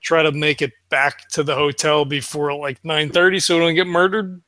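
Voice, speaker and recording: A man's voice: fairly high pitch, level tone, moderate pace, pushed and bright, no room sound. A man playing a tabletop game, talking in a hesitant, stammering way. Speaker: player. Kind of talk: tabletop game play, casual chat.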